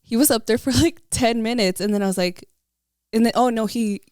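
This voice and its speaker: A young woman co-hosting a podcast, telling a story in a chatty casual way, full of "like" and quick laughs. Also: a little high, darkish tone, no echo, studio quality. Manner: chatty, lots of likes, laughs as she tells a story. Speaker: podcast co-host.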